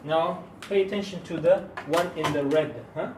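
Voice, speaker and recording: A man with a somewhat high voice gives a religious lesson to his students, leaning hard on key words and firing questions at the class. He is picked up from a distance in a reverberant room. A faint hum of ambience sits underneath. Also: normal speed. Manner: emphatic, quizzes students with rhetorical questions. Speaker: Islamic teacher. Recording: echoey room recorded from afar.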